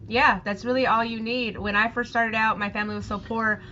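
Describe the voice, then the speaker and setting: A woman's voice: a little high, level tone, a little fast, bright, forceful tone, muffled recording. A woman in casual podcast chat, plainspoken and matter-of-fact about her sewing.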